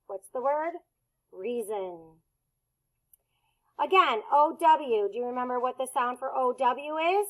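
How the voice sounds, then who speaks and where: A woman teaching a recorded phonics and reading lesson for young children, sounding out letters slowly and deliberately. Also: high-pitched, animated, fairly bright tone, poor audio.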